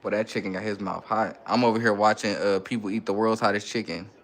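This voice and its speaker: A man's voice: on the low side, steady tone, fast talker. A man hosting a casual livestream, reading viewer comments aloud and answering in loose, slang-heavy banter. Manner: laid-back slang-heavy banter with frequent laughing. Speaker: livestream host.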